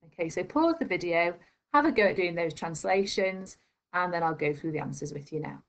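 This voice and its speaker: A woman teaching a recorded primary school video lesson, explaining slowly and carefully and spelling out each phrase. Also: fairly low pitch, expressive, gravelly.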